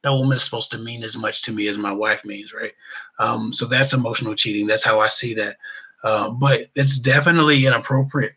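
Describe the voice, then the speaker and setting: A middle-aged man answers relationship questions on a live stream in a casual, colloquial way, full of fillers. His voice sounds bright and forward. He keeps his pitch fairly level as he talks. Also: fairly even intonation, a little fast, slightly rough, poor audio. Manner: casual and conversational, with frequent fillers and loose colloquial phrasing. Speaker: relationship advice host. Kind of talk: live Q&A chat, reading viewer comments.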